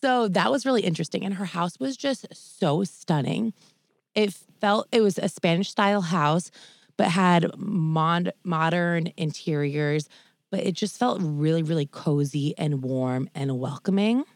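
Gushing young woman, lower voice. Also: measured pace, no echo, studio quality. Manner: gushing, enthusiastic. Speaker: podcast co-host. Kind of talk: casual chat.

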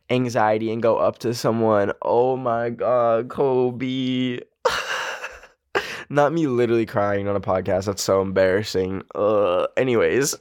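A young man with a fairly low voice tells a personal story on his podcast. He talks in a loose, chatty way and fills his sentences with "like". The close, dry recording has no room echo. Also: clean tone. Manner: chatty, filler-heavy with frequent "like", emotional. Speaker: podcast host. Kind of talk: casual storytelling monologue.

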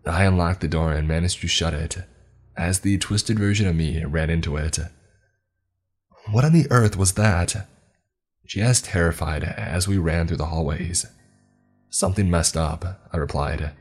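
A man narrating a horror story in first person, in a steady, grave tone. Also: very deep voice, slightly rough.

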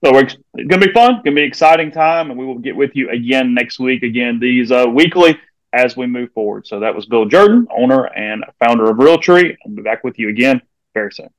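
A man hosts a podcast in a mid-pitched voice. He wraps up the show in an upbeat, promotional way, using plenty of fillers. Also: expressive, fairly quick, low-quality recording. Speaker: podcast host. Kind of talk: interview hosting and show wrap-up.

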